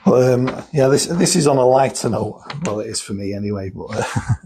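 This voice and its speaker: A man's voice: mid-range voice, expressive, fairly quick, noisy background. A man talking casually and explaining things step by step, thinking aloud and restarting sentences as he goes. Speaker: guest explaining cosmetic chemicals. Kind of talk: casual chat.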